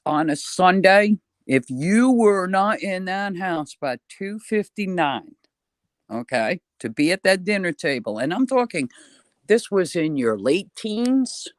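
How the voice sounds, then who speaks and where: A man's voice: high-pitched, no echo. An older man from New York, a retired guest telling stories in a casual, chatty way and swearing now and then. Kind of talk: casual chat.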